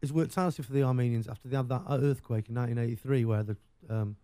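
A man's voice: medium pitch, fairly even intonation, rapid-fire, warm tone, clean tone, no echo. An English man hosting a radio show, chatting casually with rambling, jokey banter.

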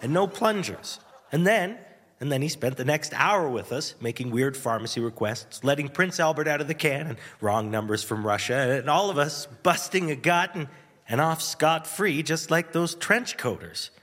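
A man hosting a radio show, telling a nostalgic story in a wry, animated way with chuckles and dramatic pauses. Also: fairly high pitch, long reverb tail. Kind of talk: nostalgic first-person storytelling.

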